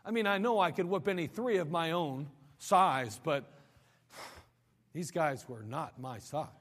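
A man preaching a sermon, swinging between raised emphatic lines and sudden quiet drops, often repeating words as he builds a point. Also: a little high, a little slow. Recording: long hall reverb.

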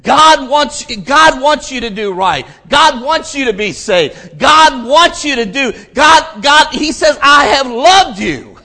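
A man preaches at a church service. His voice sits high and rings sharp and bright. He delivers a fervent revival sermon, hammering repeated phrases and climbing into shouts. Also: animated, slow pace, hardly any pauses. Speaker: pastor.

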